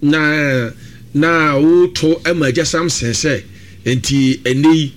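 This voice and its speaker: Brief: male preacher, slightly raised pitch, emphatic on-air sermon. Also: slow pace.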